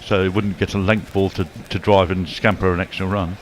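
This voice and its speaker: A man giving quick analytical remarks in live radio cricket commentary. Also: low voice, level tone, a little hiss or hum.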